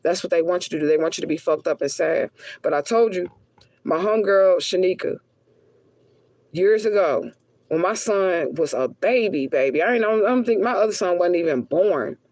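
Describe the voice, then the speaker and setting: A woman's voice: fairly low pitch, animated, normal speed, a little mellow, no echo. Blunt, heated woman giving a spiritual reading. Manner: blunt, profane storytelling; emphatic, heated repetition. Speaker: spiritual reader.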